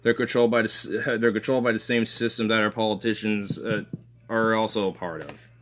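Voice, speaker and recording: A man's voice: lowish voice, steady tone, brisk, fairly bright tone. A man ranting casually about politics as a streamer, profane and rambling, with lots of filler words and sarcastic asides. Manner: sarcastic, scoffing laughs.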